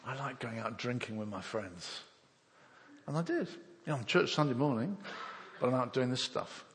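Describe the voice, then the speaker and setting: A man's voice: medium pitch, expressive, normal speed, vocal fry, a bit bright, big-room sound. An older man from England preaching a sermon, telling his own conversion story and acting out the voices and thoughts of the people in it. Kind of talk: sermon with personal testimony.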